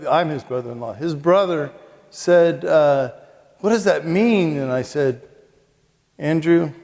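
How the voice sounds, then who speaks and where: A man's voice: fairly high pitch, darkish tone, in a large hall. A man, a Catholic monk and priest, telling humorous, self-mocking stories at a retreat before a live audience. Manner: chatty, self-mocking, with asides and comic timing. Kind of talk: humorous storytelling retreat talk.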